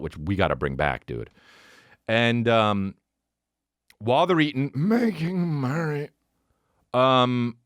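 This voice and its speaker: A man hosting his own comedy podcast, telling a rambling, swearing story in a solo rant that swings from shouted highs to low mutters. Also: dry recording, studio quality. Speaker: podcast host.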